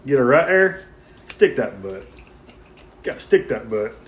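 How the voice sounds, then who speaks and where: A man's voice: medium pitch, big pitch swings, a little slow, fairly bright tone, husky. A man, hosting a casual barbecue cooking video in a folksy, joking way outdoors. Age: 50s. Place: outdoors at a grill.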